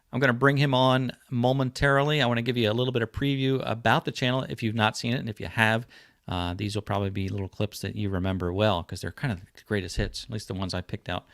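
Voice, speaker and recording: Hosting a casual livestream, a man from New Jersey chats loosely in a rambling, friendly manner packed with fillers. His mid-range voice is a bit bright, recorded with clean studio sound and no echo.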